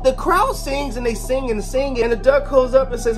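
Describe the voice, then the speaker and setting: A comic book reviewer retelling an issue in a loose, conversational way, with restarts and quick asides. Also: medium pitch, expressive, faint music behind. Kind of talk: casual comic book recap with quoted character voices.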